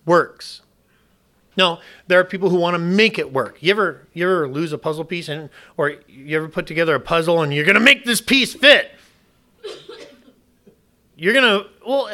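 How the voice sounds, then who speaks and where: A man's voice: high voice, pushed and bright. A man preaching a sermon, emphatic and questioning the congregation, often restarting and repeating words.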